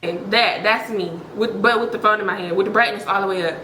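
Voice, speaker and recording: A woman's voice: medium pitch, steady tone, quick pace, roomy sound, heavy background noise. A young woman vlogger telling a dramatic personal story straight to her viewers, blunt and profane.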